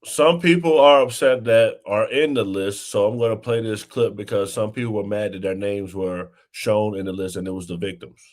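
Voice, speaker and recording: A man's voice: lowish voice, fairly even intonation, normal speed, hardly any pauses. A man hosting a casual political talk show, talking easily and steering the discussion. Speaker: host.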